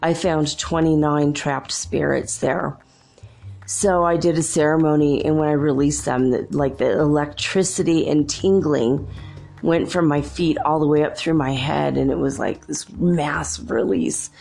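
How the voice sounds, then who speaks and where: Faint guitar plays behind this podcast host, a woman whose low voice has a creaky, gravelly edge. Her casual storytelling wanders and she laughs a lot, speaking a bit slowly and a little mellow, with fairly even intonation.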